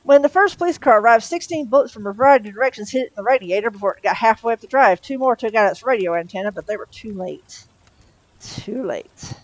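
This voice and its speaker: Woman narrator for a live read-aloud, steady and plain. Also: fairly high pitch, racing, few pauses, no echo, muffled recording. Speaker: streamer reading a novel aloud.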